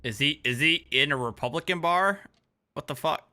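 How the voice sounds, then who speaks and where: Profane, bright-voiced male streamer. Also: fairly high pitch, moderate pace. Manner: profane, laughing asides. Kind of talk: casual reaction chat.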